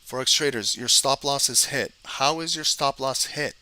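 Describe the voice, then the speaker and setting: Sharp-voiced man giving live trading commentary. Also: medium pitch, normal speed. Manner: exasperated, talks straight to viewers, repeats words. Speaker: trading educator.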